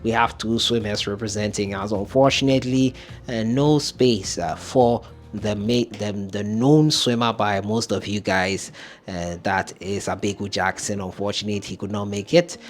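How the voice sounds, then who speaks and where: Low-voiced football news host. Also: male voice, steady tone, normal speed, soft background music. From Ghana. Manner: opinionated, thinking aloud. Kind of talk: sports news commentary.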